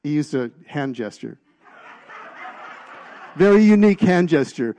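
A middle-aged man preaching a personal testimony, telling stories with halting restarts and getting louder at the punchlines. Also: a little high, expressive. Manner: storytelling, halting restarts, rises in volume at punchlines.

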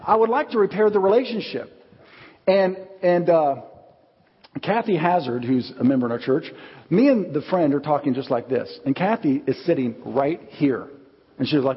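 Animated preacher in a reverberant hall. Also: male voice, a little high, normal speed, breathy edge. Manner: animated storytelling, acts out quotes. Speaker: pastor. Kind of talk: sermon. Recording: dull audio with long hall reverb.

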